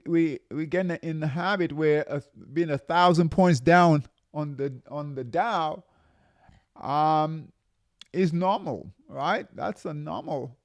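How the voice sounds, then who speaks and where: A man with a gravelly voice on the high side hosts a live trading show in dry, clean studio sound. He calls out buy and sell signals, repeats his warnings at drawn-out length, and restarts often amid many fillers.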